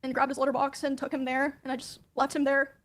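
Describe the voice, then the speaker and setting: High, flat-voiced woman recounting hardships. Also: quick pace. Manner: soft, hesitant, many ums and likes. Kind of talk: recounting personal experiences in a played clip.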